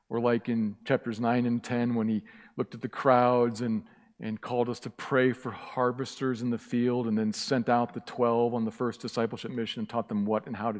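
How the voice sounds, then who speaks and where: Impassioned preacher in a reverberant church. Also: male voice, mid-range voice. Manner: impassioned, emphatic repetition. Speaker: pastor. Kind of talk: sermon. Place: church sanctuary.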